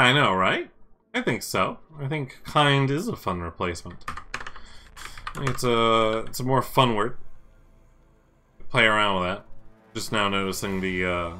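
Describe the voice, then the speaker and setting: Slow-talking, bright-voiced male coder. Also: fairly low pitch. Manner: thinks aloud, repeats himself, chats to viewers. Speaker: game developer streaming his coding. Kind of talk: casual live-coding chat.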